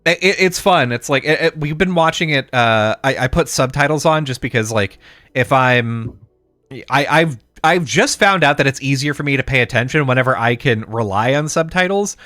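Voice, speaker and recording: A man's voice: mid-range voice, animated, normal speed, bright, forceful tone, no room sound. A man co-hosting a podcast, chatting casually, rambling with fillers and restarts and acting out the people he quotes. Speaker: podcast co-host. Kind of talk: casual chat.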